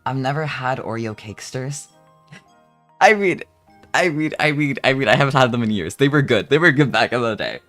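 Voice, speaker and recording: Casual male streamer, swings his pitch a lot, swears freely, middle-pitched voice. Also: expressive, brisk, fairly bright tone, soft background music. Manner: rambling, profane, jokey and exaggerated. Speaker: vtuber streamer. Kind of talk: casual live-stream chat.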